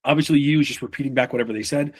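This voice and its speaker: A man leading a live sales training session in a casual, profane way, often acting out quick lines from buyers and reps. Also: mid-range voice, fairly even intonation, darkish tone, breathy edge. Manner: casual, swears freely, acts out buyer and rep lines.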